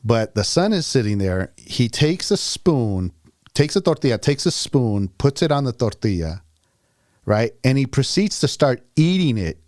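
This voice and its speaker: A man in his forties hosts a casual podcast in a relaxed, joking tone, with a medium-pitched voice. He tells his stories loosely. The sound is dry and close to the mic. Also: unhurried, no echo. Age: 40s. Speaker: podcast host.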